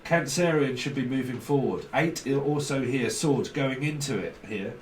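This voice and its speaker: A man's voice: medium pitch, moderate pace, reverberant, recorded from a distance, slight background noise, poor audio. A man giving a casual tarot reading, rambling and blunt, swearing freely. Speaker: tarot reader.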